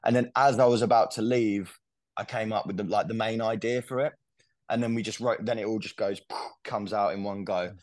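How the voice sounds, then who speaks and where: A man's voice: fairly low pitch, fairly even intonation, a little fast, a little mellow, no room sound. A young English man, a musician, telling stories in a casual interview, rambling with lots of fillers and restarts. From England. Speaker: musician guest.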